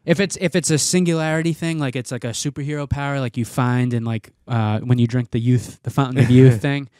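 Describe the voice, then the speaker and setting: Man with a smooth, dry voice. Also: mid-range voice, steady tone, fairly quick, a little mellow, no echo. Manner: rambling, restarts his thoughts. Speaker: podcast co-host. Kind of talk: casual chat.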